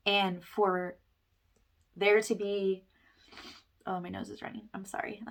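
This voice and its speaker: A woman's voice: medium pitch, flat delivery, takes it slowly, gravelly. A young woman talking earnestly about a spiritual awakening, rambling with fillers like "like" and "you know". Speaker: wellness vlogger. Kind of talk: personal testimony monologue.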